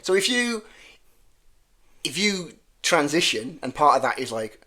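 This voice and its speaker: A man's voice: fairly high pitch, sing-song, measured pace, long pauses, pushed and bright. A man with a strong Brummie accent, a guest comedian rambling and joking through a casual podcast chat and often correcting himself mid-sentence. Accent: Birmingham (Brummie).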